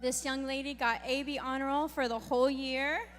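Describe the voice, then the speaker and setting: A woman's voice: sits high, fairly even intonation, normal speed, background noise. A woman who teaches fifth and sixth grade presenting awards at a graduation, praising each student. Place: graduation ceremony hall. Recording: reverberant hall, faint crowd.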